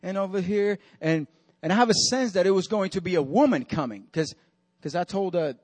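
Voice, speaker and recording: A man preaching and telling a story in an animated way, acting out what was said and dropping to a hush for the serious parts. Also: high-pitched, fairly quick, dry recording. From Dominican Republic. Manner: animated, acts out quotes with dramatic drops to a hush. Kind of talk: sermon storytelling.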